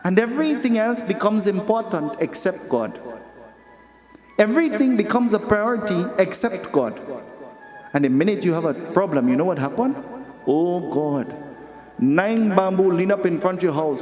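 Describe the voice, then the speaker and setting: Casting: Trinidadian male pandit, fairly high voice, emphatic sermon delivery, long hall reverb. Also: animated, moderate pace, a little mellow. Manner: emphatic, repeats questions to the congregation. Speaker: Hindu pandit. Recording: reverberant hall with music behind.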